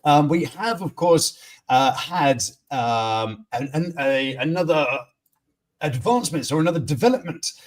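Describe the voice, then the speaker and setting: A man's voice: a little high, lively intonation, unhurried. A man hosting a casual news stream, rambling with many fillers and restarts. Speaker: host. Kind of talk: casual live-stream chat.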